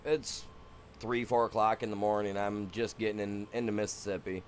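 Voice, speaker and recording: A middle-aged man from Michigan, live-streaming a farming game and telling a long, animated story in casual, slangy chat. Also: lowish voice, moderate pace, a little hiss or hum.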